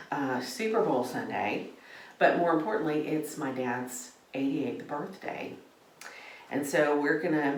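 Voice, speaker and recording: A middle-aged woman with a low voice hosts a relaxed faith vlog. She talks gently and wanders from thought to thought, with lots of fillers. She is recorded from a distance in a roomy space, with faint ambience behind her. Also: a little hiss or hum. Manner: gentle, meandering talk with many fillers. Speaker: vlog host. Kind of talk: casual faith vlog while gardening.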